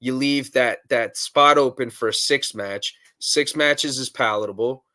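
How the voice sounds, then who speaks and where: A man's voice: medium pitch, measured pace, sharp tone. Guy hosting a wrestling podcast, swears a lot, laid back and blunt. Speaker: podcast host. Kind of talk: casual wrestling chat.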